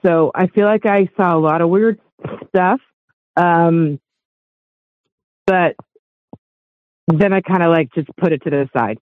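A woman's voice: on the low side, slow pace, long pauses, dry recording. An older woman from Los Angeles, calling in to a talk show, earnest and emotional as she gushes her thanks. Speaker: caller. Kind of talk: call-in radio chat. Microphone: phone. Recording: tinny phone line, dry.

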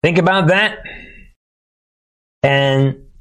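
A man's voice: on the high side, extremely slow, fairly bright tone. A man hosting his own channel, talking straight to his viewers in a casual monologue, punchy and emphatic, with catchphrases and frequent restarts. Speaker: host of a political commentary channel.

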